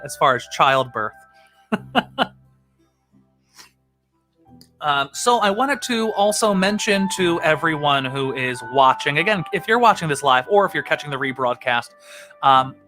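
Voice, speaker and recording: A man's voice: a little high, bright, forceful tone. A man hosting a live stream, chatting casually and rambling, with lots of fillers and chuckles. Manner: rambling, laughing, full of uh fillers. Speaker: live-stream host and tenor.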